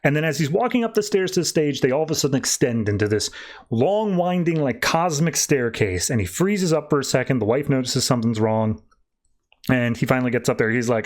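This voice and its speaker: A man's voice: medium pitch, animated, a little fast, darkish tone. A male podcast host loosely retelling a comic book story in casual chat, paraphrasing the characters as he goes.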